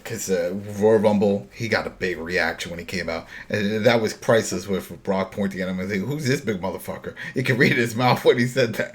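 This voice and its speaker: A man with a Brooklyn accent hosting a casual wrestling podcast, blunt, animated and profane. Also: deep voice. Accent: New York Brooklyn. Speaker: podcast host.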